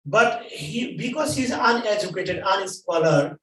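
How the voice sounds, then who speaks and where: A man preaching a sermon at a temple, telling a story in halting English and repeating phrases for emphasis. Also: high-pitched, animated, a bit bright. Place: temple hall. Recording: echoey hall, mic at a distance.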